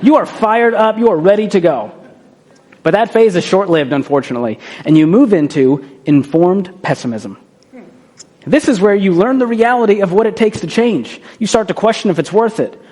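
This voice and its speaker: Guy w a high voice doing a motivational talk, punchy and chatty, keeps asking right?. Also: animated, moderate pace, a little mellow. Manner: punchy, conversational, tosses in rhetorical "right?"; acts out quoted voices for effect. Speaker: motivational speaker.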